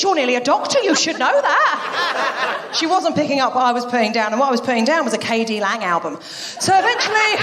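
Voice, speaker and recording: A woman performing a live stand-up set on a theatre stage, telling jokey stories with big swings in her voice. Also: very noisy. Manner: animated, jokey storytelling with big pitch swings. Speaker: stand-up comedian. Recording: roomy live venue sound.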